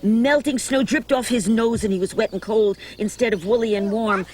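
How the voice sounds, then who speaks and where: A woman's voice: fairly high pitch, normal speed, darkish tone. A middle-aged woman hosting a children's show, reading a story and coaching a dance in a coaxing, sing-song way.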